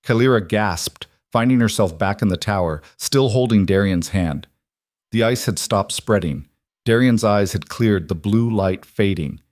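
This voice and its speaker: Male storybook narrator, steady and dramatic, low and dry. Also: measured pace, dry recording. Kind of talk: scripted narration.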